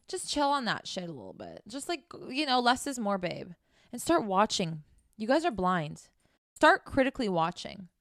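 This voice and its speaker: A woman's voice: mid-range voice, big pitch swings, measured pace, fairly bright tone, no echo, studio quality. A woman giving dating advice in a blunt, scolding, casual monologue full of swearing. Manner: casual, conversational. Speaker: dating coach.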